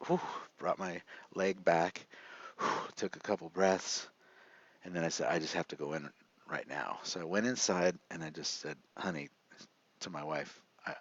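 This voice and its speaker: A man's voice: deep voice, dry recording. A middle-aged man, a show host, earnestly telling a personal story, rambling with many restarts. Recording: dull lo-fi sound.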